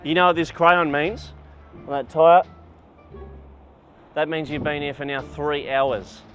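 Teasing high-voiced man. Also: level tone, a little slow, muffled recording, soft background music. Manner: teasing, laughing, repeats lines loudly. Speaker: prankster posing as parking inspector. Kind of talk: prank vlog banter.

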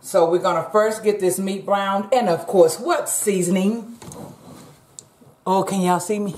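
A woman's voice: medium pitch, a little slow, a little mellow, a little hiss or hum. A woman hosting a home cooking vlog, chatting casually to her viewers in her kitchen. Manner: chatty, talks straight to viewers as "y'all". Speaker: cooking channel host. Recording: roomy echo.

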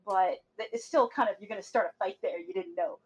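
A woman's voice: mid-range voice, fast, low-quality recording. A woman co-hosting a podcast, talking eagerly in casual chat and swearing now and then. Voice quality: husky. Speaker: podcast co-host.

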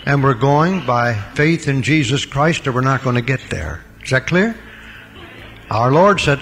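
An older man preaching a Bible lecture, with dramatic swings between loud emphasis and quiet asides. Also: mid-range voice, big pitch swings, unhurried, big-room sound, faint music behind. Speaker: pastor. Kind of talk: recorded Bible lecture sermon.

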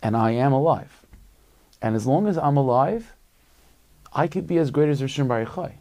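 A man voicing an elderly rabbi in a told story, speaking softly and earnestly. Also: medium pitch, normal speed, pitched above the performer's own voice, lightly acted.

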